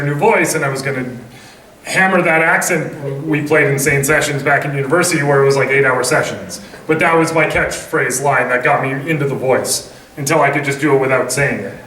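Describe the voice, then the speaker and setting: A man's voice: a little high, pushed and bright. A man voice actor on a convention panel, talking casually and rambling with lots of filler phrases. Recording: echoey hall, distant mic, faint noise.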